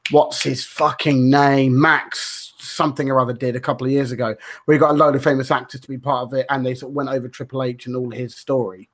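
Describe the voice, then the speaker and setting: A man's voice: mid-range voice, flat delivery, fast talker, few pauses, a bit bright. A man co-hosting a podcast, rambling through a story in casual chat with lots of fillers, restarts and swearing. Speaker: podcast co-host.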